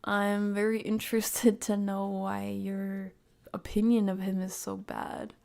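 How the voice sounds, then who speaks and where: A woman streamer talks through a video with her audience, her voice carrying a steady gravelly fry. She keeps dropping into soft whispered asides and laughs between thoughts, at a middle pitch for a woman. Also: unhurried. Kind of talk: live reaction stream commentary.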